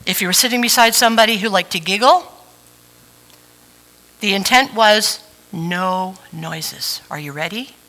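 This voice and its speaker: Woman preacher, bright clear voice, chatty sermon, playful asides. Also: mid-range voice, unhurried, pauses often, rough recording. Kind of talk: conversational sermon.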